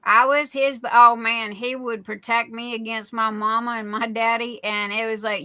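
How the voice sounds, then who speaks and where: Bright chatty woman hosting a livestream. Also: on the high side, flat delivery, normal speed, few pauses, clean tone, dry recording. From Southern Arizona. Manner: chatty, storytelling with laughs. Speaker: livestream host. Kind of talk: casual live stream chat.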